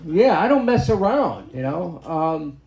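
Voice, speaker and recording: A man's voice: a little high, very animated, a little slow, a little mellow, muffled recording. A man in his fifties performing a crude, self-deprecating stand-up set in a comedy club, often tagging his lines with "right?". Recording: echoey comedy club room.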